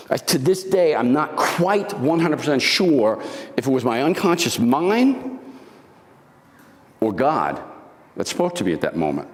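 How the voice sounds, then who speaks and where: A middle-aged man giving a motivational talk to a live audience, telling a dramatic story and acting out the lines he quotes. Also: a little high. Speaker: motivational speaker. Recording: long hall reverb.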